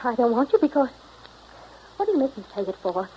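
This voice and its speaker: An actress in 1940s radio drama style playing an impulsive, emotional young woman pleading with her lover, her voice breathy and tearful. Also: a little high, very animated, fast, a little hiss or hum. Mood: anguished. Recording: dull lo-fi old radio recording.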